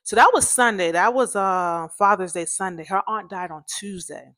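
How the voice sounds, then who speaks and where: A woman's voice: normal speed, fairly bright tone. A woman hosting a podcast, telling a personal story in a chatty, candid way, talking straight to her listeners and acting out what people said. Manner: chatty, addresses listeners directly, acts out quoted dialogue; candid, self-described pitchy, cracky voice.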